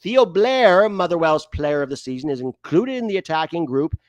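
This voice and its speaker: A man hams up an over-the-top Canadian newsreader, his put-on accent sliding toward Irish as he goes. The delivery swings up and down in pitch. The sound is dry and close. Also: big pitch swings, moderate pace, dry recording. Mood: mock formal. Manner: exaggerated, self-mocking put-on accent drifting toward Irish. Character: mock Canadian man reading a sports article.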